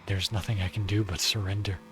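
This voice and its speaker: A man's voice: low-pitched, flat delivery, brisk, fairly bright tone, slight background noise. A male streamer reading a visual novel aloud as its weary, despairing young male narrator, in a subdued and pained first-person voice. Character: weary, despairing young man being strangled.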